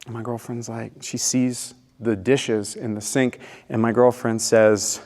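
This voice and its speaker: At a conference hall with long reverb, a man with a medium-pitched voice gives a storytelling talk a little slowly and with few pauses. He is animated, acting out scenes and leading the audience.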